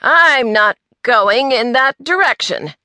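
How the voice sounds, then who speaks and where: A woman doing a cranky older man, gruff and accusing. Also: medium pitch, lively intonation, measured pace, bright, forceful tone, no echo, clean studio sound. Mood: grumbling. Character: cranky older male busybody.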